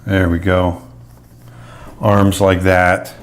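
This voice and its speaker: A man's voice: low voice, level tone, drawn-out words. A middle-aged man, an animator, casually talking through his drawing as he sketches, thinking aloud. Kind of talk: drawing tutorial narration.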